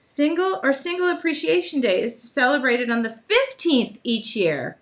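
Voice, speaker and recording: Middle-aged woman, slightly high-pitched, chatty art demo host who laughs easily while working. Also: very animated, moderate pace. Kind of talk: casual live craft demo chat.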